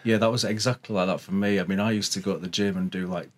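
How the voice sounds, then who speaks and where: Husky low-voiced man chatting casually. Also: fairly even intonation, fast talker. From England. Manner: chatty, agreeable, sharing his own experience. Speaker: interviewer. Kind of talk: casual conversation.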